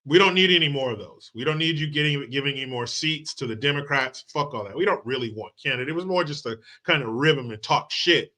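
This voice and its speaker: A man's voice: medium pitch, fast talker, few pauses, bright, forceful tone. A man hosting a commentary channel, delivering a profane political rant full of crude mockery and sarcasm.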